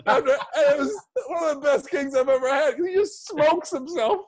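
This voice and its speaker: A man with a notably high voice tells a story as a podcast guest. He delivers it quickly and sounds amused throughout. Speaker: podcast guest, comedy writer. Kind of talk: casual chat, storytelling.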